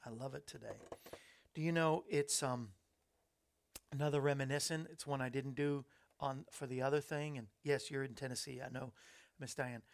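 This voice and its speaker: Male host, gravelly voice, friendly running chatter into a studio mic. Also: medium pitch, steady tone, normal speed. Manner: chatty, reads viewer comments aloud, upbeat asides. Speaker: show host. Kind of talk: casual live-stream chat. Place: small studio under hot lights. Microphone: studio microphone.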